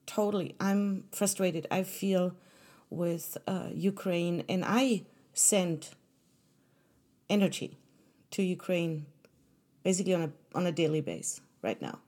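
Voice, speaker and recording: A woman's voice: lowish voice, measured pace, long pauses, mellow. Earnest woman hosting a solo podcast. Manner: earnest, conversational, with fillers and restarts. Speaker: podcast host.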